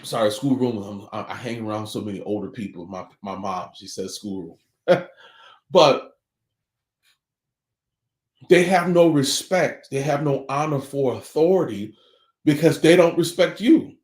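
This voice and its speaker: A man's voice: medium pitch, animated, a little slow, pauses often, a little mellow, echoey room. A man giving a morning motivational talk about family life, earnest and preachy, returning again and again to pointed rhetorical questions.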